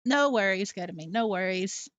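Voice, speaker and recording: A woman's voice: medium pitch, lively intonation, normal speed. A young woman live streaming from her home in casual chat, reading viewer messages aloud and talking to her cat.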